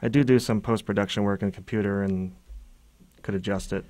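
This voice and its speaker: A man's voice: lowish voice, fairly even intonation, a little fast, mellow, no echo. A man, a guest cartoonist, talking in a laid-back, mumbling way while he works. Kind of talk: casual chat.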